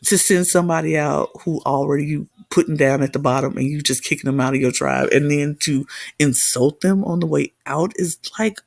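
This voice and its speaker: A woman's voice: low voice, gravelly, a little mellow, no room sound. A woman co-hosting a podcast, recapping a reality show in casual chat with an emphatic, heated manner. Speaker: podcast co-host.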